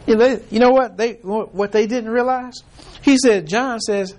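A man preaching a sermon in a notably high voice. He reads scripture at an unhurried pace and then retells it in loose, repetitive, conversational phrases. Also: darkish tone.

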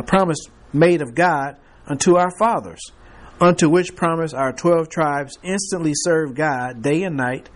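A man teaching a Bible class, reading scripture aloud and prompting the class to fill in the words, with chuckling asides. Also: fairly high pitch.

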